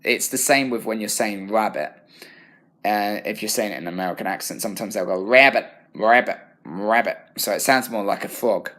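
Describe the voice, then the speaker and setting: Young British drama student, lowish voice, halting reflective self-assessment. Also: male voice, a bit bright. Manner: thoughtful, self-correcting, halting.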